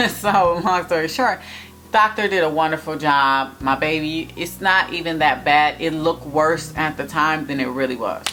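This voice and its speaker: A young woman in a casual storytime vlog, talking straight to viewers in an animated, emphatic way. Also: deep voice, measured pace, slight background noise. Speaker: vlogger telling a personal story.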